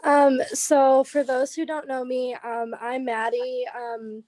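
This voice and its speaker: Young woman on a zoom call, kinda high voice, halting and teary, lots of ums. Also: level tone, darkish tone, no echo. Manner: halting, many fillers, tearful. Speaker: goddaughter sharing memories. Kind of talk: emotional memorial tribute. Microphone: video call.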